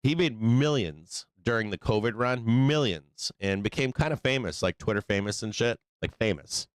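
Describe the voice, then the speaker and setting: A man's voice: on the low side, lively intonation, moderate pace, clear, resonant tone, no echo. A man hosting a live trading show, telling a long story in a rambling, profane way full of fillers. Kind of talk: casual live-stream talk.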